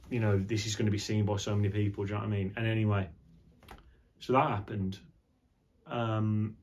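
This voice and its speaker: Casual male vlogger, lowish pitch, rambling sweary chat in a home studio. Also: darkish tone, a little hiss or hum. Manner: rambling, loose and sweary, heavy on fillers and "man". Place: indoor home studio, seated on a squeaky chair.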